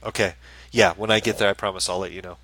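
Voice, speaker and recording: A man's voice: sits low, fairly even intonation, fast, pushed and bright, poor audio. A man hosting a live-stream as a psychic medium, chatting casually and reassuringly, with many fillers and restarts. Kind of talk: casual live-stream chat, reading viewer questions.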